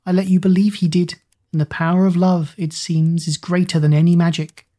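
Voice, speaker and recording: A woman's voice: on the low side, little pitch movement, a little fast, mellow, natural voice. A woman voicing a cruel, scheming Witch Queen who mocks and gloats over her captives in a storybook reading. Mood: mocking. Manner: mocking, gloating.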